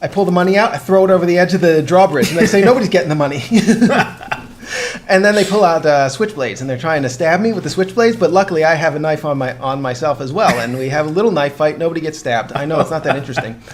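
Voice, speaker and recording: Animated young man telling a story. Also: on the high side, fast talker, slight background noise. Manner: animated storyteller with frequent laughs and restarts. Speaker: co-host of a game podcast. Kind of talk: casual chat, telling a dream story.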